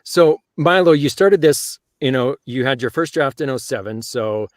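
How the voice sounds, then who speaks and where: A man with a Canadian accent chats easily and laughs often, sounding like an audiobook narrator talking shop. His voice sits at an ordinary middle pitch. The recording is dry and close, with almost no room sound. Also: lively intonation, no room sound. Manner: chatty and good-humoured, quick to laugh. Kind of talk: casual chat.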